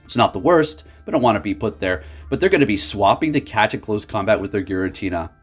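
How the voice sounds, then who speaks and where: A man giving casual, excitable gameplay commentary for his channel, laughing often and talking to viewers as folks. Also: on the low side, fast, breathy edge, soft background music. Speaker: gaming YouTuber.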